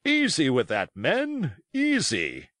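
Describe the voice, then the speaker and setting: A man's voice: on the high side, huge pitch swings, takes it slowly, a bit bright, dry recording, clean studio sound, voice pushed up, exaggerated voice. A man voicing a stern middle-aged ship's captain who gives clipped, commanding orders.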